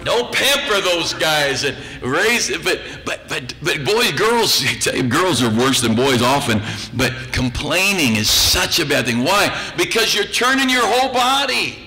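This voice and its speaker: A man's voice: on the high side, big pitch swings, a little slow, hardly any pauses, pushed and bright, rough recording. A male pastor preaching a sermon in a church, folksy and teasing, acting out the voices of the people he quotes. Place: church sanctuary.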